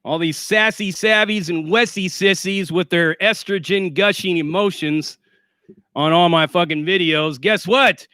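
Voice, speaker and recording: A man's voice: sits high, measured pace, bright, forceful tone, clean tone, dry recording, clean studio sound. A man hosting a casual livestream, profane, sarcastic and boastful, still winded after a workout. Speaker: livestream host.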